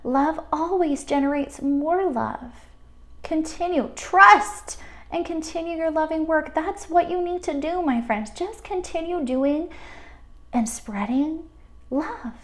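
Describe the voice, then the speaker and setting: A woman giving a pick-a-card spiritual reading, speaking in a gentle, affirming and emotional way with many fillers. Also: sits high, slow. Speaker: tarot card reader.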